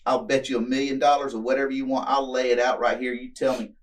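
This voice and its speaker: A man's voice: medium pitch, little pitch movement, fast talker. A man, a police officer, stern and blunt, accusing a suspect and ending an interrogation room meeting. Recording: distant surveillance camera.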